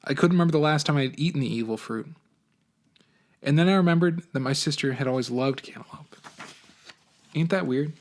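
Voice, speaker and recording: A man, a teacher, reading a novel aloud for his class, with an expressive, animated first-person delivery. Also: a little high.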